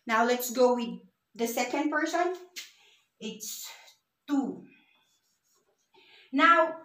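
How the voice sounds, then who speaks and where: A woman teaching a beginners' language lesson on her own channel, explaining slowly with many fillers. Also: fairly high pitch, fairly bright tone. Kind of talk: casual online lesson. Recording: echoey room.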